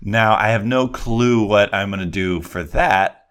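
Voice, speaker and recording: A man hosting a solo podcast, talking casually from his desk in a lowish voice. He rambles, gets in his own way with restarts and fillers, and pokes fun at himself. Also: measured pace, fairly bright tone, smooth. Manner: rambling, self-deprecating, lots of ums and restarts. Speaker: podcast host.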